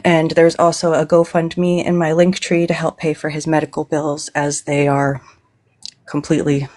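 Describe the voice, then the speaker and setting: A caller on a livestream sharing a call to action, speaking earnestly and haltingly with many "um" fillers. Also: medium pitch, completely flat delivery, a little mellow. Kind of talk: call-in announcement.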